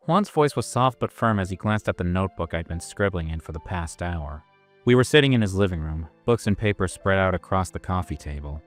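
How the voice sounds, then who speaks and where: A man's voice: deep voice, lively intonation, a little fast, dry recording, faint music behind. A man narrating a story in the first person, in a casual, self-mocking manner.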